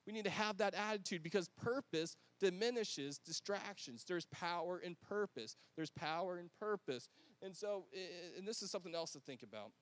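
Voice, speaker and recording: A man's voice: high-pitched, lively intonation, normal speed, fairly bright tone. A man preaching a sermon in a casual, conversational, slangy manner. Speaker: pastor.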